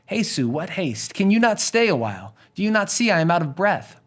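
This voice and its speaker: A man's voice: high-pitched, very animated, a little fast, pitched above the performer's own voice. A man doing a teasing old nurse.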